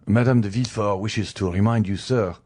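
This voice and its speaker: A man voicing a deferential valet who speaks politely and quietly. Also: on the low side, fairly quick, lightly acted. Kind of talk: audiobook character reading.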